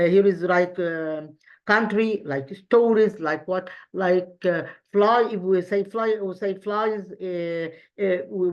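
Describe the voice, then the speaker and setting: Hesitant woman teacher, slightly muffled audio. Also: mid-range voice. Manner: hesitant, many fillers and restarts, spells out letters. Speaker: English teacher. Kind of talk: online lesson review.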